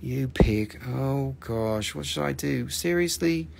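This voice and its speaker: A man's voice: mid-range voice, takes it slowly, creaky. A man from the Appalachian region of the US hosts a live mineral sale in a joking, rambling way, cussing freely. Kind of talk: casual live-stream selling.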